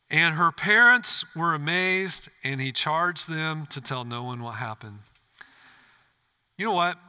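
Bright-voiced man preaching a sermon. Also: on the high side. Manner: earnest preaching with rhetorical questions to the congregation. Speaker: pastor. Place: church.

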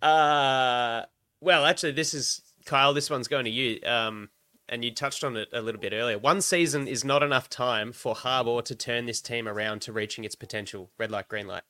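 A man's voice: mid-range voice, normal speed, bright, forceful tone, clean tone, no room sound. An Australian man co-hosting a sports podcast, laid-back and brief. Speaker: podcast host. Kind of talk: casual podcast chat.

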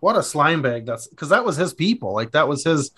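A man from Minnesota co-hosting a podcast, telling crude stories in an animated way and laughing often. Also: on the high side, brisk, slightly rough. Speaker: podcast co-host. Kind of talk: casual chat.

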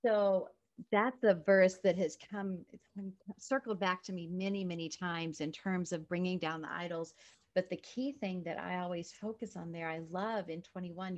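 A woman's voice: lowish voice, fairly even intonation, normal speed, lo-fi sound. A woman reads a Bible passage aloud, then shares her personal faith story in an earnest, reflective way, with light laughs. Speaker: guest sharing a faith story. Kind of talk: reading scripture and sharing a testimony.

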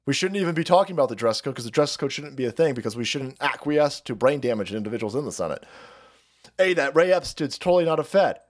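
This livestream host speaks quickly in a mid-range, animated voice, delivering a profane political rant. He rambles and mocks, stumbling over words, starting over, and cracking himself up, and he reads chat messages aloud to thank viewers.

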